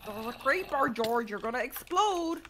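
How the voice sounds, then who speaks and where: High, lively young woman gamer, teasing. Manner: teasing, playful, quick to shout. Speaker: gaming stream guest. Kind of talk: casual gaming chat.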